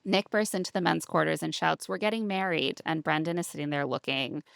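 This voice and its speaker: Female podcast co-host, low gravelly voice, wry and mocking, dead-dry sound. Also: brisk, fairly bright tone, no echo. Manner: sarcastic, mocking quotes of cast, laughs often. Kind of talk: casual recap chat.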